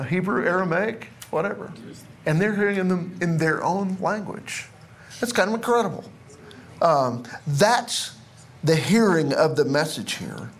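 A man teaching a Bible class to a group in a classroom, chatty and self-deprecating. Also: high-pitched.

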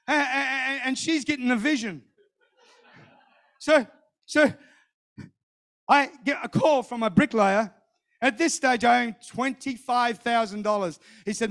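A middle-aged man preaching a sermon, telling a personal story in an animated way, acting out what others said and repeating phrases. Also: very high-pitched, unhurried, long pauses.

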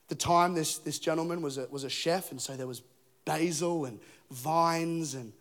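A man from England in his thirties preaches from a church stage. His voice sits high, and he tells his story with animated humor, acting out each scene. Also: a little fast.

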